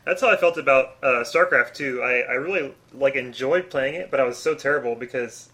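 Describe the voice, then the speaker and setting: A man's voice: mid-range voice, brisk, sharp tone. A man co-hosting a podcast, chatting in an easygoing way. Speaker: podcast host. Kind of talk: casual chat.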